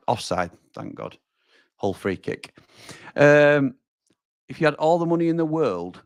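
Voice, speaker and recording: A man's voice: medium pitch, no room sound. Chatty man, dry close sound. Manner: chatty, reacts loudly to chances, addresses viewers as pal and mate. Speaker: host of a football watch-along. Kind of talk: live watch-along commentary and reading viewer comments.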